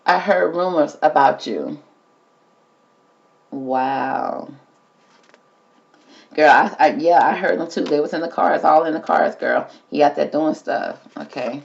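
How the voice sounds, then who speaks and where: A woman's voice: sits low, a little slow, vocal fry, pauses often, muffled recording. A woman hosting a casual tarot reading, talking to the cards and calling everyone "girl". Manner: chatty, talks to the cards and calls everyone girl. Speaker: tarot reader host.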